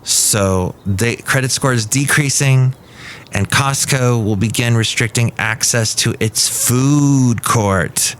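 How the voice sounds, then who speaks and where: A man's voice: mid-range voice, slow pace, fairly bright tone, a little hiss or hum. A man hosting a comic one-man podcast, rambling playfully with jokey asides. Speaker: podcast host.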